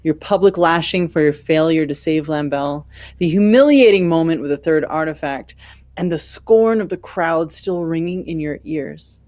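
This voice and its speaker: A woman as game master, narrating a tabletop game in a measured descriptive way. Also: deep voice, a little mellow, dry recording.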